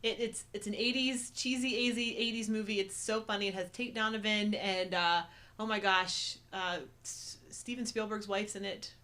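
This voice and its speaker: A woman's voice: medium pitch, steady tone, normal speed, bright, forceful tone. A woman in her thirties co-hosting a casual live chat, bubbly and enthusiastic. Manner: bubbly, enthusiastic, laughs often. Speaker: co-host.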